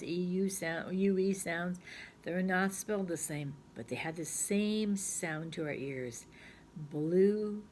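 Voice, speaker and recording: A middle-aged woman teacher giving a recorded phonics lesson, patient and chatty, thinking aloud and sounding words out slowly. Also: on the low side, a little hiss or hum.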